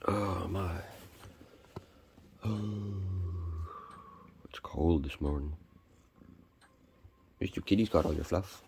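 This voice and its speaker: A man on a cold morning, chatting to his kittens during chores and swinging between high, sing-song baby talk and a low, plain voice. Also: slow, gravelly, pauses often, darkish tone, slight background noise. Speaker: vlogger caring for animals. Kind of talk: casual talk to pets while doing morning chores. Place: outdoors or animal shed on a cold morning.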